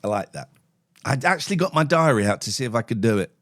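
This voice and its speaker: A man's voice: mid-range voice, expressive, fast, a bit bright. A man hosting a phone-in show, chatting casually with callers in a blunt, sweary, sardonic way. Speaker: phone-in host. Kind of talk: casual live-stream chat.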